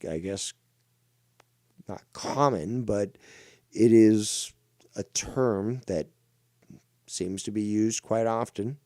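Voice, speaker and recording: A man's voice: fairly low pitch, mellow, no echo, studio quality. A man from Ontario, hosting a ranting commentary show with a mocking, profane, insulting manner. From Ontario, Canada.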